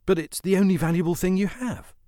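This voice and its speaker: A man's voice: high-pitched, fairly quick, mellow, dry recording, studio quality, pitched above the performer's own voice, natural voice. A man voicing a young orphan boy in a storybook reading, earnest and slightly stammering. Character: young orphan boy, nervous but brave.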